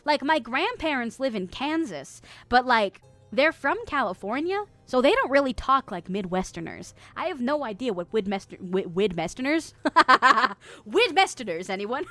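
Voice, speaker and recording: A woman's voice: on the high side, very animated, normal speed, bright, forceful tone, no room sound, soft background music. A woman streamer chatting casually with her viewers, giggly and rambling, swearing freely and full of fillers. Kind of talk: casual livestream chat. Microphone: streaming mic.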